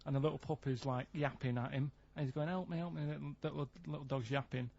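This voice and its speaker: Man, radio regular, mid-pitched, plain deadpan rambling, dull lo-fi broadcast sound. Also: quick pace, gravelly, breathy edge. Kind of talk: casual radio chat, storytelling. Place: radio studio.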